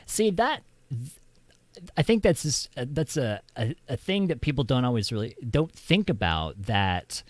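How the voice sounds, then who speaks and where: A man's voice: medium pitch, big pitch swings, a little slow, no room sound. An American man hosting a stream, chatting casually and rambling through his thoughts with many restarts. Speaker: streamer host. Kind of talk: casual chat.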